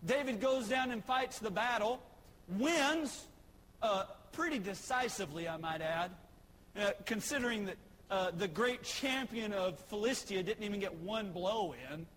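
A man's voice: high voice, measured pace, fairly bright tone, in a large hall, a little hiss or hum, rough recording. A man preaching a sermon, telling a story conversationally. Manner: storytelling, conversational with acted quotes.

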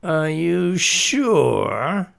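A hidden monster that taunts a little girl in a slow, drawn-out voice with a menacing lilt, as a storyteller puts it on. The voice is gravelly and creaky, and every word is stretched out for effect. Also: on the high side, very animated, a bit bright, voice pushed up, heavily acted. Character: menacing deep-voiced monster hiding in a cloakroom.

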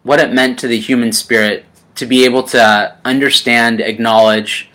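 A man preaching a sermon in a gentle, unhurried way, calling his listeners friend and pausing with ums. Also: medium pitch, steady tone. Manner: unhurried with frequent ums and pauses.

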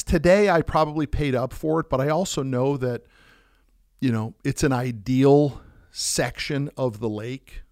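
A man's voice: mid-range voice, no room sound, clean studio sound. A man who runs a business, telling sales stories in a casual monologue, with fillers and frequent restarts. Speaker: business owner talking about sales.

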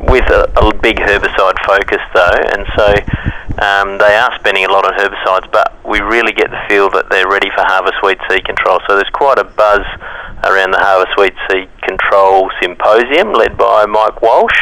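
A man's voice: fairly low pitch, fairly even intonation, moderate pace, sharp tone. A man with an Australian accent chatting upbeat on a podcast about weed management, heard over a phone line. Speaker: weed management expert guest. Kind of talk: casual podcast chat.

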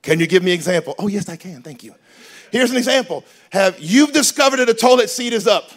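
A man preaching a sermon as pastor in a church, animated and joking, switching between loud emphasis and quiet asides. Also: high-pitched, quick pace. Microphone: handheld microphone.

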